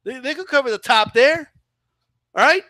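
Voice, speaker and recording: A man's voice: very high voice, normal speed, bright, forceful tone, no echo, studio quality. A man hosting a boxing channel, ranting sarcastically and swearing in a loose livestream chat, often ending his points with "right?". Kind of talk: profane livestream rant.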